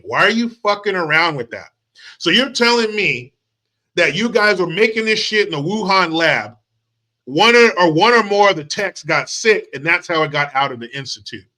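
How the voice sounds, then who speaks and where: High, bright-voiced man ranting crudely. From United States. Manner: sarcastic, crude, combative. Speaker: commentary channel host. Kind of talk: profane ranting commentary.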